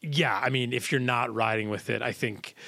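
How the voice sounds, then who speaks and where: Male podcast host, gravelly voice, rambling and self-interrupting, laughs easily. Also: mid-range voice, normal speed, sharp tone, no room sound, studio quality. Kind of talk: casual film chat. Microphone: video call recording.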